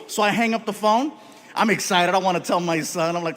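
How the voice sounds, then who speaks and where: A man doing animated stand-up comedy on a live stage, telling stories and acting out voices into a stage microphone. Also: high voice, a little fast. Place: live comedy stage before a laughing audience. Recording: live show with crowd and noise.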